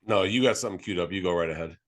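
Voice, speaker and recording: A man's voice: deep voice, rapid-fire. A man co-hosting a sports podcast, talking in a rambling, joking, conversational way. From Las Vegas. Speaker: podcast co-host. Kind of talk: casual sports podcast chat.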